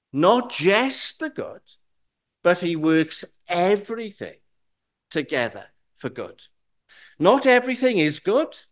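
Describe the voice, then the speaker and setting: A man preaching a sermon, explaining a Bible verse in an earnest, reassuring way and asking rhetorical questions. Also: high-pitched.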